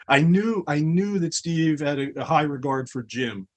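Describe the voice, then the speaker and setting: A man's voice: a little high, animated, unhurried. A middle-aged man, a comics publisher, chatting casually as an interview guest, telling a long story with many restarts and asides.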